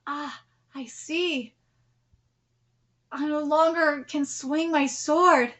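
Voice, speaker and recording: A woman voicing a dying young male samurai as she reads from a comic, in a low, quiet, solemn tone. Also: steady tone, very slow, full character voice.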